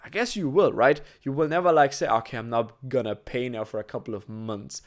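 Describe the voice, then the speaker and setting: A man's voice: medium pitch, fairly quick. Casual trader guy, lots of "right?". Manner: conversational, frequent "right?" tags and fillers. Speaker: trading educator. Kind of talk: casual explanatory talk to camera.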